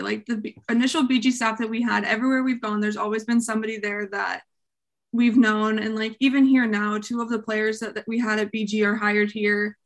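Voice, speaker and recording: A woman's voice: fairly high pitch, vocal fry. A young woman guest in casual chat, talking in a loose, rambling way full of filler words.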